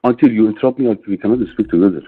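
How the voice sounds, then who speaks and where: A man's voice: lowish voice, breathy edge. Hesitant man on a tinny line. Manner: hesitant, halting, with many fillers. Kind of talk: live online debate.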